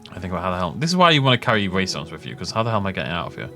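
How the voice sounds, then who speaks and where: A man's voice: low voice, big pitch swings, very fast, sharp tone, faint music behind. A man giving rambling, jokey commentary while he plays a game, often laughing at his own tangents. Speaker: gaming YouTuber. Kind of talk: casual let's-play commentary.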